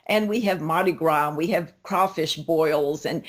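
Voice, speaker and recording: This is a chatty older woman with a Southern American accent, speaking low in pitch for a woman. She talks as a guest author, eager and storytelling, with plenty of emphasis. Her voice comes over a remote call. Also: normal speed. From Louisiana, USA. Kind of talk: casual interview chat.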